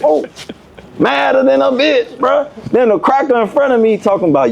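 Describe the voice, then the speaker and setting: A man's voice: very high voice, animated, normal speed, vocal fry, slight background noise. A young man guesting on a podcast, telling a prison story in heavy street slang and acting out the other people's lines. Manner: profane street slang, acts out quoted voices. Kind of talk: animated storytelling.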